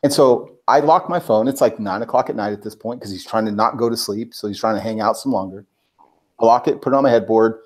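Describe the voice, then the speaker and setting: Man telling an animated story. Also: lowish voice, quick pace. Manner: animated, heavy on filler "like", acts out quotes. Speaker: guest, personal branding expert. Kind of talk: casual storytelling anecdote.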